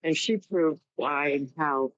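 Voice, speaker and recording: A woman's voice: sits low, takes it slowly, a bit bright. A woman in a casual political chat, talking in an upbeat, sarcastic way. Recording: dull dry lo-fi line.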